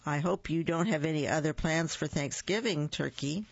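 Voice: medium pitch, moderate pace, gravelly, slightly rough, lo-fi sound. A storybook reader voicing a kind, devoted male moose who keeps his promises, in a raised, eager voice. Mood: cheerful. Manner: eager, calling out cheerfully.

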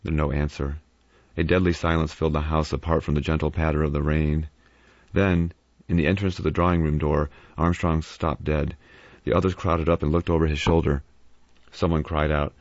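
Very deep male audiobook narrator. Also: level tone, normal speed, darkish tone, no echo. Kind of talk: scripted narration. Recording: dry, muffled recording.

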